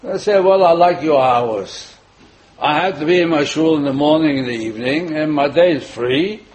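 An older man, a rabbi, preaching a sermon and weaving in a personal story with frequent pauses and fillers. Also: fairly high pitch, a little mellow, rough recording. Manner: rambling, many filler pauses, chuckles at own jokes.

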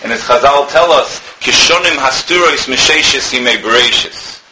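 A rabbi gives an earnest Torah talk, telling a story and sprinkling in Hebrew and Yiddish words. His mid-range voice is bright and forceful, captured in a low-quality recording with slight background noise.

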